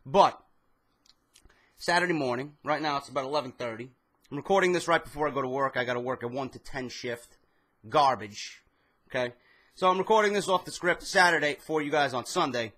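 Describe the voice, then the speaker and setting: Swearing New guy, bright tense voice. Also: mid-range voice, brisk. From New York. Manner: heated, swears constantly, storytelling rant. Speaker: wrestling commentary vlogger. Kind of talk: profane ranting monologue.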